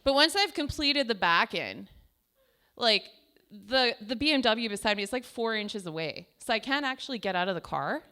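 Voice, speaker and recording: A woman's voice: fairly high pitch, animated, normal speed, bright, forceful tone. A young adult woman telling self-deprecating stand-up stories in a chatty way, full of "like". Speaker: stand-up comedian. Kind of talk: stand-up comedy storytelling. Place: small comedy show stage.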